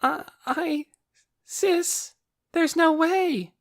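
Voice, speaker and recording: A man's voice: very high-pitched, very slow, voice pushed up, full character voice. A timid, stammering elf boy. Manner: stammering, hesitant. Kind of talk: audiobook character voice.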